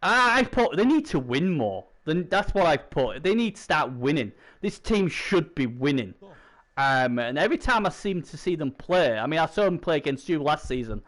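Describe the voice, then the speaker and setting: A man's voice: a little high, big pitch swings, normal speed, a bit bright. A man co-hosting a casual gaming league chat, rambling with many fillers and restarts. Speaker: co-host.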